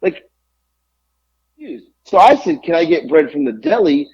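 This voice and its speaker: Podcast guy ranting a story, swears a lot, voice swings all over, kinda husky, dull lo-fi sound. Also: fairly high pitch, measured pace. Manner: animated, profane, exasperated ranting. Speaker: podcast co-host. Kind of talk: casual storytelling rant.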